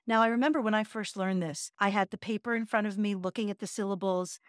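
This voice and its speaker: A middle-aged woman co-hosts a relaxed podcast, explaining a practice in an earnest, chatty way and chanting short syllables. Her voice sits at a middling pitch. The recording is close and completely dry. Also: quick pace, dry recording. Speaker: podcast co-host and yoga teacher. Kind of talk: casual chat.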